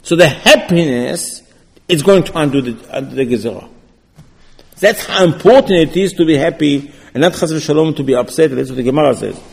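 In a reverberant hall, a rabbi teaches an informal Torah class in a fairly high, animated voice that's a bit fast, gravelly and breathy. He's repetitive and conversational, restarting words and acting out dialogue.

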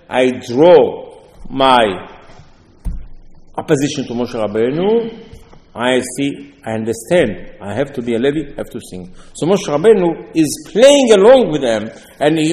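A man preaches a Torah lesson in a loose, conversational way, circling back to his points and dropping in Hebrew terms. His voice sits a little higher than usual for a man. A long hall echo trails behind his words. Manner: informal, repetitive, quoting Hebrew terms. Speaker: rabbi. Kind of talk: Torah sermon.

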